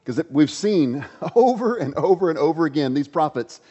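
A man preaching a sermon in a conversational, animated storytelling way, in an echoey, dull-sounding hall. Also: fairly high pitch, normal speed, husky. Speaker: pastor.

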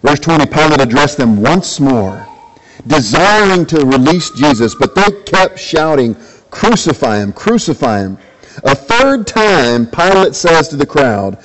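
A pastor delivering a sermon in a fairly high male voice. He reads passages aloud, then presses his listeners with repeated rhetorical questions. When he quotes someone, his pitch lifts. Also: very animated, a little slow, a bit bright, rough recording.

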